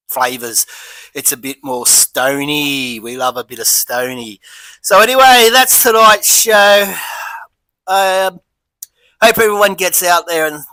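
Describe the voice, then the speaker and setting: Australian man, beer review vlog, bright forceful voice, fairly high pitch, dry close sound, rambling chatty delivery. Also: no echo, low-quality recording.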